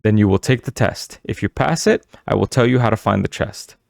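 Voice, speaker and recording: A man's voice: fairly low pitch, brisk, vocal fry, dry recording, clean studio sound. A man voicing a stern, mysterious woman of the forest who gives solemn commands in an audiobook. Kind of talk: audiobook character voice.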